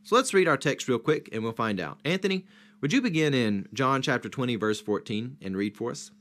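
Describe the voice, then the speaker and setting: A man's voice: mid-range voice, animated, fairly quick, fairly bright tone. A man leading a Bible study, teaching point by point, posing questions and stressing key words. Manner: structured, emphatic, points and questions.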